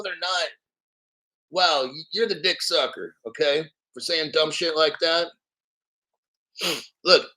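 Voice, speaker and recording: A man with a bright, forceful voice, pitched a little above most men, hosts his own crypto show. He rants in crude, profane commentary, swings into sarcasm, and mocks his critics. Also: poor audio. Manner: reads articles aloud slowly, mocks others in silly voices.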